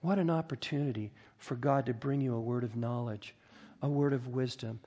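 A man's voice: mid-range voice, normal speed, dark tone, slightly rough. A middle-aged man preaching a sermon as pastor, earnest and emphatic, often restarting and stumbling over words.

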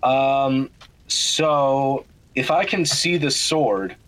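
Hesitant, bright-voiced male player. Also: medium pitch, extremely slow, low-quality recording. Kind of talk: casual tabletop game talk.

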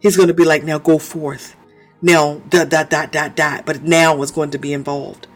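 A man's voice: on the high side, level tone, normal speed, soft background music. A man preaching a sermon in a fervent way, often stopping to praise, speak in tongues and laugh.

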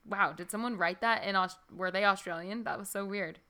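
Casual female co-host, bright and smooth, rambling and giggly. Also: mid-range voice, fairly quick. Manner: chatty, giggly, lots of fillers. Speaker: podcast co-host. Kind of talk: casual book discussion chat.

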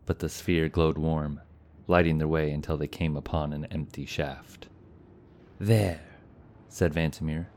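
Deep-voiced man narrating a fantasy story. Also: darkish tone, slight background noise.

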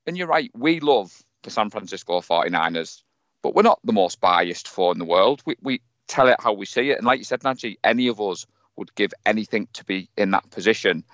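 A man's voice: lowish voice, lively intonation, brisk, a bit bright, no echo, dull audio. A man with a Teesside accent co-hosting a casual sports chat, talking in a joking, self-mocking way. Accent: Teesside English. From North East England. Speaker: podcast co-host.

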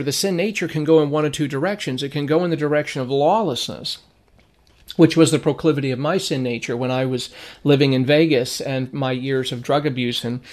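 A middle-aged man teaching an informal Bible lesson, telling stories in a conversational way and acting out the people he quotes. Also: medium pitch.

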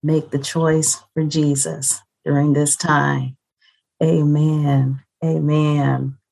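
Woman talk show host, low flat gravelly voice, slow and soft. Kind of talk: christian talk show conversation.

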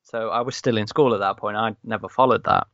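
A man's voice: lowish voice, fairly even intonation, quick pace, a bit bright, dry recording. Rambling man on a dull mic. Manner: rambling anecdotal storyteller, many restarts. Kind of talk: casual chat. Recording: slightly dull, dry recording.

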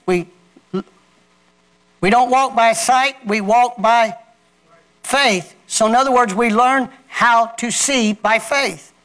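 Pastor guy preaching, high bright voice, takes his time, gets the church to say stuff back. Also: slow, pauses often, clean tone. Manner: preaching with call-and-response to the congregation. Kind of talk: sermon.

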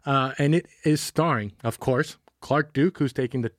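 A young man co-hosting a casual film review podcast, joking and enthusiastic with quick asides. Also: mid-range voice, no echo, clean studio sound. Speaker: podcast co-host.

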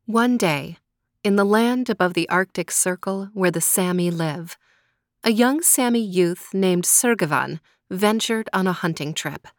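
A woman hosting a children's story podcast, narrating a folk tale in a gentle, measured way. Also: on the low side, dry recording, clean studio sound. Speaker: storyteller host.

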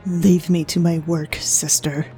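A proud, wounded male duelist speaks low and cool, full of disdain. A woman reads him in a story. The tone is dark and mellow, with faint music behind. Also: flat delivery, a little slow, lightly acted. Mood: cold, haughty.

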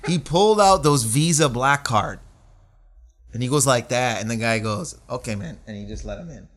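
A man's voice: medium pitch, normal speed. A man, a comedian, telling a rambling story in casual chat and acting out the people in it. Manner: rambling, animated, acts out quoted voices.

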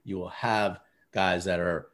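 A man's voice: sits low, steady tone, a little slow, fairly bright tone. A man who runs a men's coaching program, telling stories in a casual interview with lots of fillers. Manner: earnest, storytelling, many fillers like "you know" and "like".

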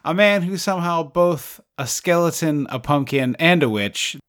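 A man's voice: a little high, animated, normal speed, fairly bright tone. A man co-hosting a casual podcast, chatting loosely with lots of fillers and frequent laughter. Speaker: podcast co-host. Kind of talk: casual chat.

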